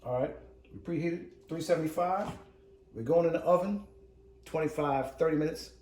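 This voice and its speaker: Middle-aged man, home cooking host, chatty and jokey, mellow dark voice, echoey kitchen. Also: fairly high pitch, moderate pace, recorded from a distance, a little hiss or hum. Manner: chatty and joking, keeps calling viewers "cooks". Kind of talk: casual cooking vlog.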